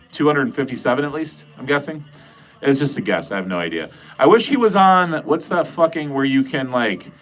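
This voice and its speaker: A man's voice: medium pitch, a bit bright. A man with a nasal Midwestern American accent chats loosely through a livestream. He rambles from thought to thought, swears freely and cracks jokes at his viewers. Faint music sits under his voice. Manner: rambling, profane, joking to chat. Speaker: livestream host. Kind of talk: casual livestream chat.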